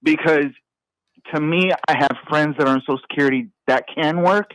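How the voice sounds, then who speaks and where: A man calling in to a talk show, fighting back tears and speaking in a halting, stammering way. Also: on the high side, fairly bright tone, low-quality recording. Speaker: caller. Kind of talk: phone-in conversation.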